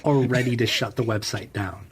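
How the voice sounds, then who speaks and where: A man joining a casual podcast, talking about his own failures with deadpan humor. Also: mid-range voice, moderate pace, slightly rough. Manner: deadpan self-mocking humor. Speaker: podcast guest.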